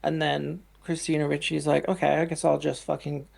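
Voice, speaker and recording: A woman co-hosting a film podcast, talking calmly and dryly, mostly giving short agreeing replies. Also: sits low, a little fast, vocal fry, husky. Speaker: podcast co-host. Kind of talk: casual film review chat.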